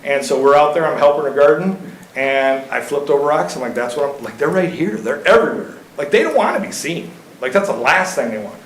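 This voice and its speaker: A man in his thirties tells easygoing stories to a city council in a slightly high voice. His folksy, rambling delivery is full of fillers. The sound is roomy, with the echo of a council chamber and a faint hum of ambience behind it. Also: lively intonation, a little fast. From Iowa. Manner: chatty and folksy, lots of fillers and anecdotes. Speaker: local reptile keeper speaking to city council. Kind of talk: casual storytelling at a public meeting.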